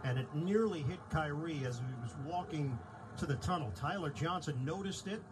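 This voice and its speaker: A man delivering a broadcast news report in a steady manner. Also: on the high side, moderate pace, noisy background.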